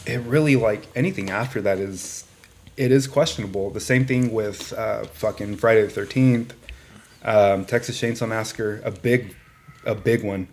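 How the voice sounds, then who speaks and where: A man's voice: fairly low pitch, moderate pace, a little mellow, a little hiss or hum. Blunt, profane man ranting casually. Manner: blunt, profane, emphatic opinions. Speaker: podcast co-host. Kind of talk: casual chat.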